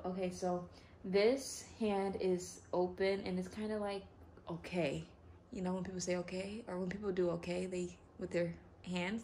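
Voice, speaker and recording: A woman hosting an unboxing vlog, talking in an excitable, gushing way and repeating herself. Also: lowish voice, gravelly, a little hiss or hum. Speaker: reborn doll channel host.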